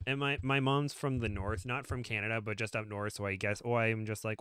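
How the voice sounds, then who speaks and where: A man's voice: fairly low pitch, flat delivery, a little fast, hardly any pauses, a bit bright, smooth, no room sound. A man co-hosting a casual podcast, chatting and reading a story aloud with playful, self-deprecating asides and frequent laughter. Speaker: podcast co-host.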